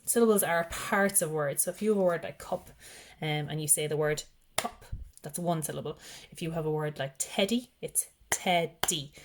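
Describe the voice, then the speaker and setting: A woman teaching parents a rhyming and syllable activity, explaining step by step and slowly sounding out letters. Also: low-pitched, slight background noise. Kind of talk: instructional demonstration.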